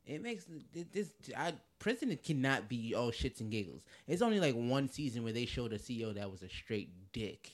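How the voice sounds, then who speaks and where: A man co-hosting a podcast, talking in an excitable, profane, slang-filled casual chat. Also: mid-range voice, a little fast, few pauses. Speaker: podcast co-host.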